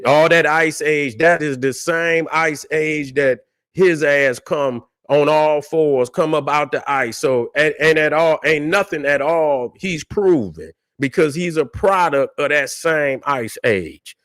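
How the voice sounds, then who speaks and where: A man's voice: fairly high pitch, slow, a bit bright, dry recording, clean studio sound. A man hosting a livestream, ranting in a combative, profane way and answering chat, with a constant refrain checking that listeners follow. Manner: combative, profane, keeps repeating "you see what I'm saying". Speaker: livestream host.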